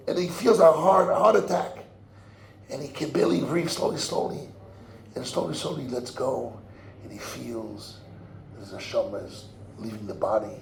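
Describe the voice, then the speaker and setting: An older man, a rabbi telling a story in a sermon. He acts out the voices, swinging from hushed murmurs to loud cries. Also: fairly high pitch, vocal fry. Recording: echoey room.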